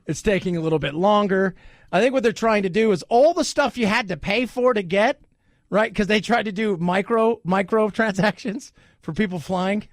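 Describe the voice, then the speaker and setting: A man's voice: high voice, moderate pace, dry recording, studio quality. A man hosting a talk radio show, joking and sarcastic in a rambling commentary.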